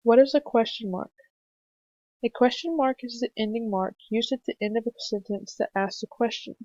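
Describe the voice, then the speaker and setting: A young adult woman, a student teacher presenting a lesson, narrates a screencast on punctuation for children, explaining slowly and patiently with some fillers. Her voice is a little high and a little mellow, recorded on a computer mic in a dry, slightly dull home recording.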